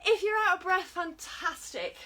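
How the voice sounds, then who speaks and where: A woman's voice: very high voice, animated, moderate pace, pushed and bright, recorded from a distance, poor audio. A British woman leading an online exercise class, encouraging and counting down while working out herself and getting out of breath. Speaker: fitness instructor.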